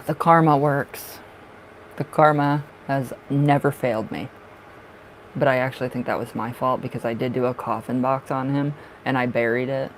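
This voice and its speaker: A man with a raspy smoker's voice doing tarot readings on a livestream, chatting in a rambling way and laughing often. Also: medium pitch, steady tone, normal speed, slight background noise, rough recording. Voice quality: raspy from smoking. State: short of breath at times. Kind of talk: casual livestream chat.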